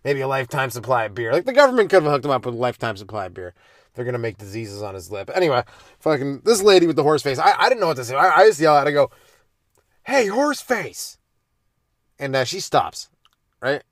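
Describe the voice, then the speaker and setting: A young man rambles through old joke stories, swearing freely and veering off track. He drops to mumbles, then jumps up loud when a line excites him. The sound is close and dry, recorded inside a parked car. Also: medium pitch, quick pace, no room sound. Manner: loose, profane, meandering, with sudden loud jumps. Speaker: stand-up comedian hosting a podcast. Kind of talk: casual rambling storytelling. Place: sitting in his car in a driveway at night.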